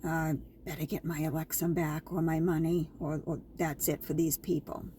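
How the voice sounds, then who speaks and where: A woman's voice: deep voice, flat delivery, normal speed, dark tone, slight background noise. A woman vlogger casually telling her viewers a story, chatty and repetitive, with an indignant edge.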